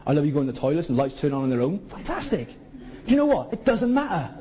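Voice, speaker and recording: A man's voice: fairly high pitch, very animated, quick pace, crowd noise. A man from Zimbabwe preaching a sermon, pleading with his listeners through a stream of rhetorical questions. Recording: dull lo-fi recording.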